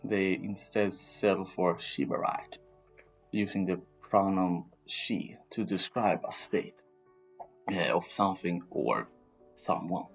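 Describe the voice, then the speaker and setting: Hesitant deep-voiced young man presenting. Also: creaky, muffled recording, faint music behind. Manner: hesitant, many filler pauses. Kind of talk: reading a school presentation.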